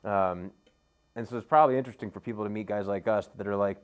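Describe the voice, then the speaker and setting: A man's voice: lowish voice, fast, clean tone. A man hosting a podcast in casual chat, thinking aloud with stumbling restarts. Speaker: podcast host.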